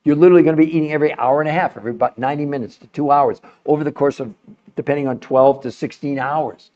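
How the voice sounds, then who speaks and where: Older male stream host, emphatic and salesy, somewhat high-pitched, muffled lo-fi audio. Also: racing, darkish tone. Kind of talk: live-stream talk to a chat audience.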